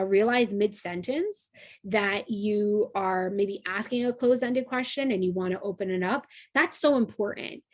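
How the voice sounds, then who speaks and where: Woman teaching a counseling class. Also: medium pitch. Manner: conversational, many fillers and rhetorical "right?". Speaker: instructor.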